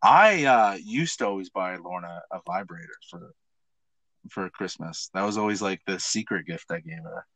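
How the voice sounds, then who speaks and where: Man, podcast co-host, crude joking chat, bright tone, dry close sound. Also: low voice, moderate pace, dry recording. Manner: crude, joking, lively storyteller. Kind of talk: casual chat.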